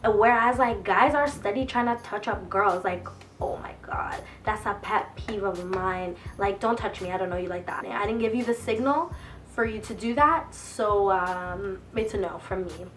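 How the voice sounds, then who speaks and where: Animated young woman vlogger, slightly off-mic. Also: mid-range voice, normal speed, distant mic. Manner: animated, profane, acts out quoted voices. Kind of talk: casual storytelling to camera. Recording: voice a bit off-mic with faint music.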